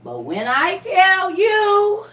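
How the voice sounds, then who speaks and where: Woman vlogger telling a story to viewers, animated and emphatic, with a bright, punchy voice. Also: very high voice, drawn-out words. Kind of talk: casual storytelling.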